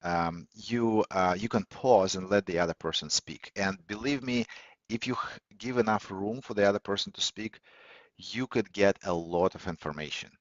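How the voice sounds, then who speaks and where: A man hosting a live online audio session, teaching in a measured way with many fillers and restarts. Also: on the low side, dry recording. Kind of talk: teaching talk on listening skills. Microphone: computer or phone mic on a call. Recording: dull, lo-fi audio call, dry.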